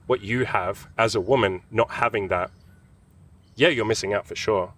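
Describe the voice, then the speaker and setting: A man's voice: lowish voice, a bit bright. A man who is a dating coach, chatting casually and crudely outdoors in a park. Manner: crude, profane, fast-talking. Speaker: dating coach and podcast host. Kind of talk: casual chat. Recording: distant mic with outdoor ambience. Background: faint park ambience.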